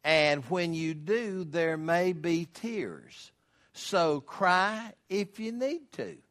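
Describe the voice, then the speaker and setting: A man's voice: sits high, drawn-out words, fairly bright tone. An older man preaching a sermon as pastor, folksy and emphatic, asking rhetorical questions.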